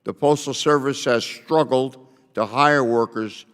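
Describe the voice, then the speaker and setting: A congressman from New Jersey giving a prepared statement at a hearing in a measured, deliberate way. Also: medium pitch, a bit bright, smooth. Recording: long reverb of a hearing room.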